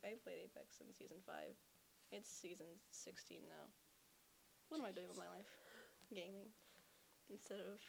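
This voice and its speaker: A woman chatting on a casual podcast, giggly and playful. Her voice has a gravelly, fry-tinged edge, and a faint hiss sits under the recording. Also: medium pitch, low-quality recording. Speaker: podcast co-host. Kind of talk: casual chat.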